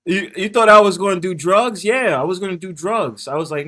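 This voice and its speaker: A man's voice: high voice, brisk, few pauses, a bit bright. A man hosting a casual livestream from his phone. He swears often, laughs a lot and talks straight to his viewers in the chat. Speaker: livestream host.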